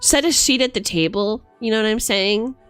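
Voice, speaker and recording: A woman's voice: fairly high pitch, moderate pace, fairly bright tone, clear, resonant tone, no echo, faint music behind. A woman live-streaming in a bard persona, chatting playfully and teasing her viewers. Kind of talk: casual live-stream chat.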